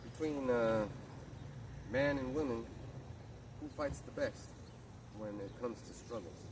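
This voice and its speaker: A man's voice: medium pitch, measured pace. A man preaching in a casual street-sermon manner, emphatic and crude, with heavy profanity. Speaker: lay preacher. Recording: distant mic with loud outdoor traffic noise.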